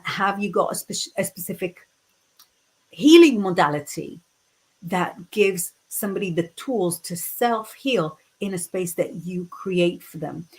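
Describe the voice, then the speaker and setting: A woman's voice: mid-range voice, slightly rough, rough recording. A woman from the UK in her fifties, a psychic tarot reader chatting casually on a livestream and reading viewer comments aloud.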